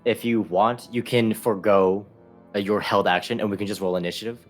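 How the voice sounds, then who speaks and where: A man's voice: on the low side, fairly even intonation, fairly quick, music in the background. A man narrating a tabletop game as game master, hesitant, with many ums and restarts.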